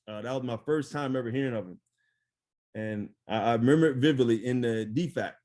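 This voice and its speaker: A middle-aged man recounts his army days in a relaxed, casual interview. His pitch sits in an ordinary middle range, and he talks in an animated way, sprinkling in fillers and easy laughs as the stories roll along. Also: a little fast. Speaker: retired army first sergeant guest.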